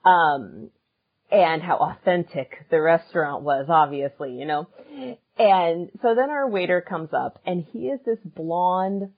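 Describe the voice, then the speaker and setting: A woman co-hosting a podcast, telling a funny story in casual chat, animated and laughing often. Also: fairly low pitch, a little slow, narrow, tinny audio. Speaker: podcast co-host and musician.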